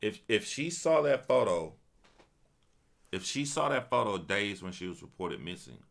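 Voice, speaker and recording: A man's voice: fairly low pitch, sing-song, normal speed, vocal fry, fairly bright tone. A man streaming casual commentary, reading a news article aloud and stopping to react with stunned remarks and repeated phrases. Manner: repeats himself and restarts phrases.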